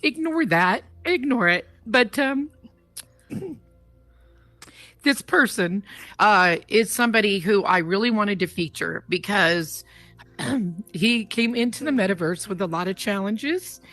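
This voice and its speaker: A woman's voice: medium pitch, expressive, slow, a bit bright, no room sound. A woman hosting a live talk show in a virtual world, effusive and emotional, talking through a headset mic. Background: faint guitar music.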